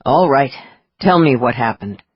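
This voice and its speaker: A woman voicing a gruff, angry man who growls his words in clipped bursts. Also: rumbling low, animated, measured pace, dry recording, lo-fi sound, voice pushed down, heavily acted. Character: gruff angry man, wounded operative with cane.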